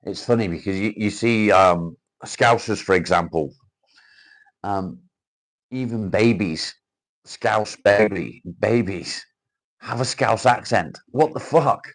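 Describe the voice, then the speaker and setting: On a laid-back livestream, a man reads out comments, calls viewers by name and swears without restraint. He comes from Cheshire, England, carries an accent that mixes northern English and South Welsh, and talks slowly in a fairly low pitch.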